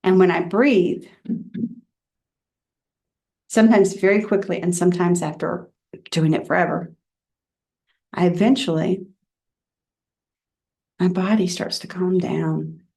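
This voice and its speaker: A woman reverend giving a personal Dharma talk in a candid, reflective storytelling way. She often drops soft and quiet. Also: on the low side, fairly even intonation, takes it slowly, gravelly, long pauses.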